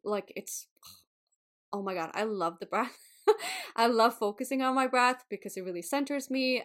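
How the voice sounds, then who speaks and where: A woman's voice: medium pitch, fairly bright tone. A woman hosting a wellness podcast in a casual, bubbly way, laughing often and swearing now and then. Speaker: podcast host.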